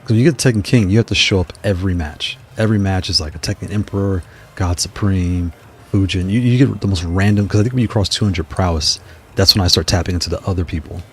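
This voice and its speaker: A man casually commenting on his fighting game matches, trash-talking opponents and then apologizing. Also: low-pitched. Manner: playful trash talk, quick apologies. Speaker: gaming streamer.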